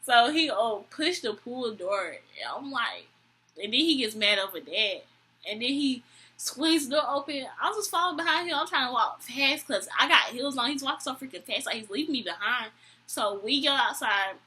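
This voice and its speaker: A young woman vlogger telling a story in an animated, exasperated way, swearing often. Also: on the high side. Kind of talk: storytime vlog.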